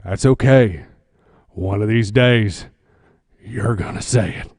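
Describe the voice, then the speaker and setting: A man voicing his old army boss, a gruff officer who teases him in a slow, low drawl. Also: darkish tone, no room sound, studio quality. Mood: teasing.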